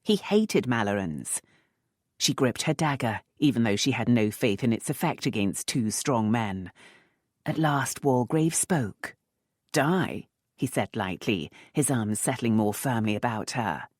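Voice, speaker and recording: Audiobook narrator, expressive, measured, lively pitch, dry close recording. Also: dry recording. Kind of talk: scripted narration of a romance novel.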